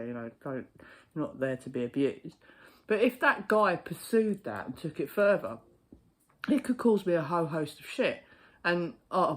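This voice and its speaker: A man chatting casually to camera, a postal worker telling stories in a blunt, sweary, animated way. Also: fairly high pitch.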